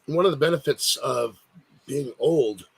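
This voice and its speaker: Husky-voiced man hamming up introductions. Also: mid-range voice, unhurried. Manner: grandiose mock introductions, teasing. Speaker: podcast co-host. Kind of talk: casual wrestling podcast banter.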